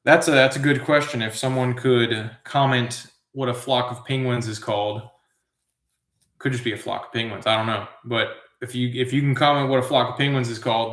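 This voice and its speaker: Male trivia host, mid pitch, jokey and rambling, echoey room sound. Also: fairly bright tone. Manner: goofy, self-amused, riffs on tangents. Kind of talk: rambling live trivia commentary.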